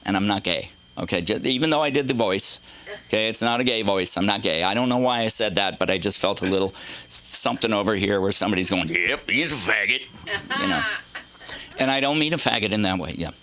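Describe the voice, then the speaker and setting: Middle-aged male stand-up, lowish bright voice, swoops all over, swears freely while rambling. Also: animated, fast talker. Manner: rambling, profane, self-mocking storytelling. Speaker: stand-up comedian. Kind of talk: stand-up comedy set. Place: comedy club stage.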